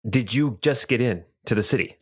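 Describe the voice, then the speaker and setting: A man's voice: mid-range voice, brisk, breathy edge. A man narrating as game master of a tabletop game, rambling with many ums and uhs as he describes scenes.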